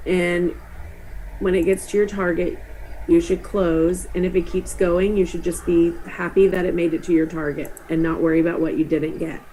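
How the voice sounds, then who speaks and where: A woman on a live trading stream, calmly passing on trading advice. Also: lowish voice, moderate pace, a little hiss or hum, low-quality recording. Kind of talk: casual chat about trading.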